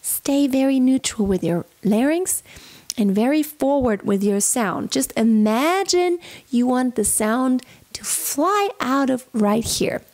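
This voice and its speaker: High-voiced woman coaching a singing lesson. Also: animated, slow, darkish tone. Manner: instructive, encouraging, explains technique step by step. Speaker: vocal coach. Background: faint backing track of the song.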